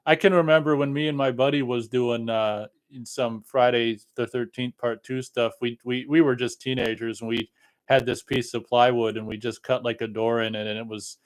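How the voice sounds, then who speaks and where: Casting: man, podcast co-host, middle pitch, friendly, stumbles over restarts. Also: steady tone, normal speed. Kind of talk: casual chat.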